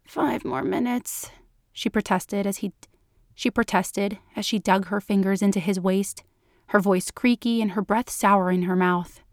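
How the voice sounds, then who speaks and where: Woman reading a story slowly, dry sound. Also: medium pitch, steady tone, dry recording. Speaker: narrator. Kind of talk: scripted story narration.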